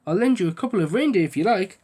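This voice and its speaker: A man's voice: animated, very fast, warm tone, slight background noise. A man voicing a kindly, chuckling Father Christmas on the telephone in a children's story. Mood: friendly. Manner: chuckling, rumbling and friendly.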